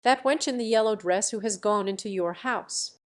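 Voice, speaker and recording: A woman reading a storybook and voicing a band of young pages who jeer and shout. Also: medium pitch, moderate pace, natural voice. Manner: jeering, shouting. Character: jeering crowd of young male pages.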